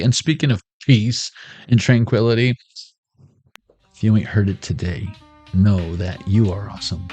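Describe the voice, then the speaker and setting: A man's voice: lowish voice, fairly even intonation, measured pace, pauses often, a little mellow, breathy edge, no echo, faint music behind. Laid-back joking man reading tarot. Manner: joking, playful asides. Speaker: tarot reader. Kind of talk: casual tarot reading vlog.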